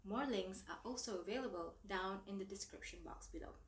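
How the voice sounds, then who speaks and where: A woman reading a story aloud in a soft, gentle storytelling manner. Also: mid-range voice, a little fast. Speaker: story reader. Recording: echoey room.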